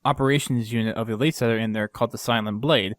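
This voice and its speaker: A man's voice: medium pitch, steady tone, fast, no echo. A man hosting a podcast, casually recapping a game mission in a rambling way with lots of fillers and restarts. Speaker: podcast host.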